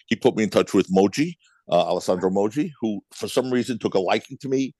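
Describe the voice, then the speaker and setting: A middle-aged man with a Brooklyn accent, a guest telling blunt, animated stories with some swearing in a casual interview. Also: lowish voice, fast talker, dry recording. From United States. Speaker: guest, club owner.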